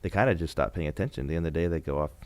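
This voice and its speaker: A man co-hosting a podcast, chatting casually as an animated storyteller who swears freely. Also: rumbling low, rapid-fire. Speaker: podcast co-host. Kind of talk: casual chat.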